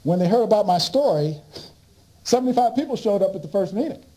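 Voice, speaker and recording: A man giving a lecture, telling an animated story and laughing along with it. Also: sits high, fast, low-quality recording.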